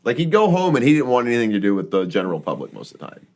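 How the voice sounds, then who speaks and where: Lively man hosting a casual podcast. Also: mid-range voice, very fast. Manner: lively, researched storytelling with frequent fillers. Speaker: podcast host.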